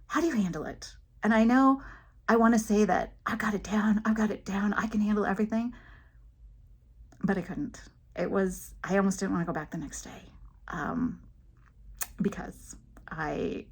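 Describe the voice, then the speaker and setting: A middle-aged woman vlogging casually about living with cervical dystonia, telling stories and acting out the voices of the people in them. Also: fairly low pitch. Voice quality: head tremor from dystonia. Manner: chatty storytelling, acts out quoted voices. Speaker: vlogger with a movement disorder. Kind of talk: casual personal vlog.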